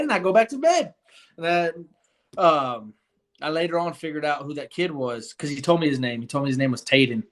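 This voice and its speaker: A man's voice: mid-range voice, a bit bright. A young man telling his story in a casual interview, earnest and rambling, with many fillers and restarts. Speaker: guest.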